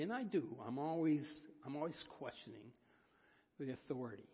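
A man preaching a folksy, self-deprecating sermon, with halting restarts. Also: a little high, lively intonation, slightly rough. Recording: dull sound, long hall reverb.

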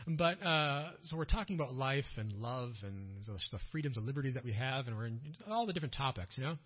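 A man from Minnesota with a Minnesotan accent tells a story to a listening audience. His voice is husky and set at an ordinary pitch. He talks in a casual, conversational way, full of fillers and restarts, and the recording sounds a little muffled. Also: animated, a little fast. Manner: conversational, with frequent fillers and self-corrections. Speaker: missionary speaker.

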